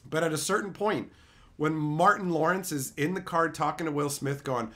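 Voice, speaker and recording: Animated, profane streamer man. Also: a little high, a little fast. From Canada. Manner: animated, profane ranting with repeated phrases. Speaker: streamer reading chat. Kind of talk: casual live-stream chat.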